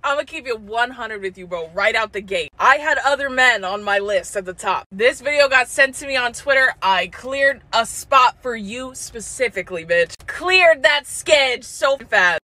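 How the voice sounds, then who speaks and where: A young woman roasting men in a brash, profane comic reaction, breaking into loud laughter between jabs. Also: a little high, normal speed, few pauses, no room sound. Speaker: TikTok creator roasting men.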